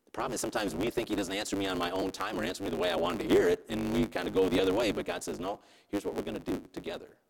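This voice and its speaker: A man's voice: high voice, lively intonation, very fast, vocal fry, hardly any pauses, low-quality recording. A man preaching a sermon in a conversational way, often checking in with his listeners. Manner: conversational preaching, keeps asking "right?". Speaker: pastor.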